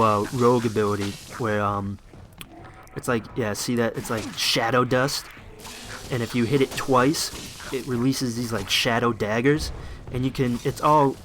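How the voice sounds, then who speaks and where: Shivering a little from the cold, a young man rambles casually over his gameplay, enthusiastic and full of fillers. His mid-range voice is a bit bright, with a little hiss or hum in the background.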